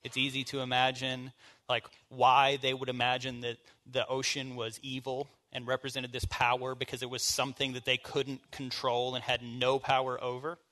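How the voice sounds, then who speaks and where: A man's voice: medium pitch, completely flat delivery, normal speed, few pauses, sharp tone. A man leading a church bible study, teaching in an informal, conversational way and asking the group questions. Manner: informal, asks the group questions, casual fillers.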